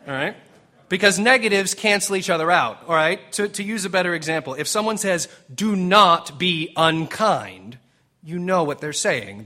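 A man preaching a sermon as pastor, animated and emphatic, slipping into dramatic quoted lines with pauses and now and then drifting off the mic. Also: a little high. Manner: jokes with the congregation.

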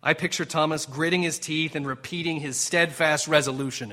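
A man preaching a sermon as pastor, animated and emphatic, slipping into dramatic quoted lines with pauses and now and then drifting off the mic. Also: a little high. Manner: jokes with the congregation.

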